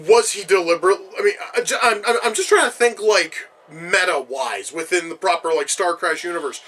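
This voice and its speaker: A man's voice: high-pitched, fairly quick, hardly any pauses, pushed and bright, rough recording. A man giving casual reaction commentary on a film, with profane, exasperated rants. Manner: profane, exasperated ranting asides. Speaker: movie reviewer.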